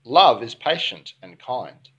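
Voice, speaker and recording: A man's voice: medium pitch, lively intonation, takes it slowly, fairly bright tone, muffled recording. Conversational Australian male pastor preaching. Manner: conversational, keeps asking "all right?". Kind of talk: sermon. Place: church.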